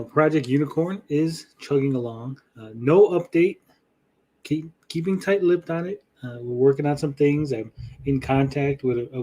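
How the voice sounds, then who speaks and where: A man hosting a podcast in casual chat, swearing freely and talking with pauses. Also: mid-range voice. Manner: chatty, swears often, lively swings in loudness; speaks with pauses. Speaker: podcast host and YouTuber.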